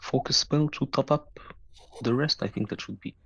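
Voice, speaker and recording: A man's voice: medium pitch, moderate pace, vocal fry, a bit bright, husky, muffled recording. A man playing in a tabletop game, speaking hesitantly while planning his character's turn. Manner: hesitant, full of uh and restarts. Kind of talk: casual game chat.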